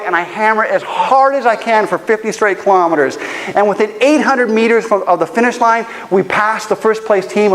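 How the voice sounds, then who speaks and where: A man preaching a sermon, telling a personal story in an animated, humorous way. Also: sits high, big-room sound, slight background noise, low-quality recording. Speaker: pastor. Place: church auditorium.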